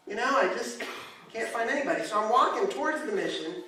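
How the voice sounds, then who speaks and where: A man with a fairly high voice preaches in a church, going from calm storytelling to loud, impassioned calls. The sound is very echoey, as if picked up from well back in the hall, with faint background noise. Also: fairly quick, distant mic. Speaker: guest preacher. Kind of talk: sermon with storytelling. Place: church sanctuary.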